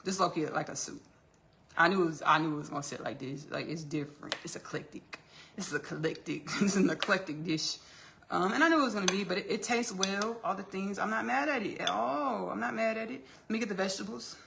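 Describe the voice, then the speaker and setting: A woman's voice: lowish voice, fast, creaky, background noise. A woman from Texas chatting on a casual live stream while cooking in her home kitchen, calling her listeners "baby" and laughing often.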